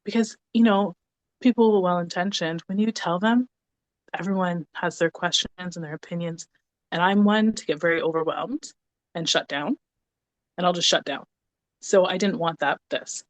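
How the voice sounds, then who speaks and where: Woman in her 30s, lively storyteller, plays out the dialogue, dry close sound. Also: lowish voice, normal speed, no room sound. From Canada (Ontario). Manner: animated, acts out quoted dialogue. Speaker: podcast guest. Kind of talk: casual storytelling conversation.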